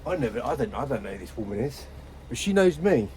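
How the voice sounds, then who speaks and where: A man's voice: mid-range voice, very animated, fast talker, dark tone, a little hiss or hum, rough recording. A man, a window cleaner rambling casually to camera while working outdoors. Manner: chatty, rambling storytelling. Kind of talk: casual on-the-job rant to camera. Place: outdoors on a street job.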